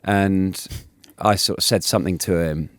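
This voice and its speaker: Lively man, low dry voice. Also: a little slow, no room sound. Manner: animated, laughing anecdotes with many restarts. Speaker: guest, former cricketer. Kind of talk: casual storytelling interview.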